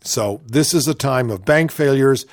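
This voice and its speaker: A man's voice: mid-range voice, a little slow, dry recording, clean studio sound. A man hosting a political talk radio show, reading news items and breaking in with sardonic, mocking asides.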